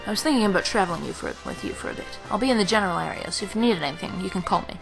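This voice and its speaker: A woman's voice: mid-range voice, animated, very fast, gravelly, over music. A woman playing a sly, mercenary thief.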